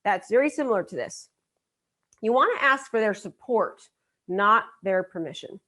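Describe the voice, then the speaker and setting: A woman's voice: mid-range voice, expressive, normal speed, bright, forceful tone. A middle-aged woman giving a motivational seminar talk as a business coach, emphatic and repeating her key lines for effect. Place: live event.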